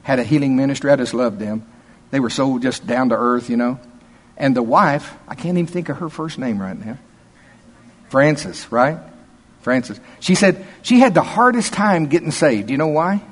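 Husky-voiced folksy male preacher. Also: mid-range voice, animated, normal speed. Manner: folksy, conversational, emphatic. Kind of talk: sermon with scripture reading.

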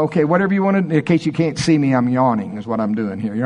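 A man preaching a charismatic sermon, fervent, dropping to low murmurs and rising to excited storytelling. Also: brisk. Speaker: pastor.

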